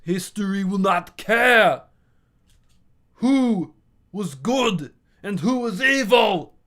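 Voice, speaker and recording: A man's voice: high-pitched, lively intonation, slow, fairly bright tone, voice pushed up, heavily acted. A man doing a screaming movie impression of a barbarian hero praying to his god. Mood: shouting, pleading.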